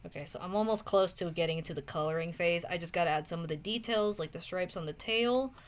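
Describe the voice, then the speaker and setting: A young woman streamer chatting casually with viewers while drawing, often trailing off into soft muttering to herself as she works. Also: fairly low pitch, fast talker. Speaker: streamer drawing art requests.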